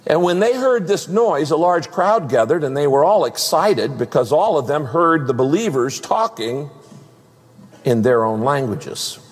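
A man preaching a sermon in a slightly husky, fairly high voice. He talks in an animated way and acts out the people he quotes. A long reverb from the large hall trails after his words. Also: unhurried. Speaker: pastor.

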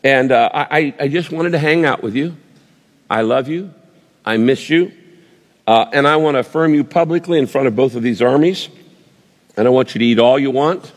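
A man preaching voices a loving king who speaks softly and reassuringly, with halting repeats. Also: mid-range voice, long reverb tail, close to an everyday voice. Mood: tender. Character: loving male king, gentle and affectionate.

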